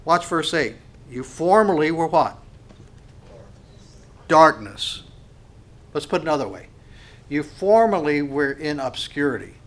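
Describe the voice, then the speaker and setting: A man preaching a sermon, swinging from hushed to loud and asking the congregation rhetorical questions. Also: fairly high pitch. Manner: acts out quoted voices. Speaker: pastor.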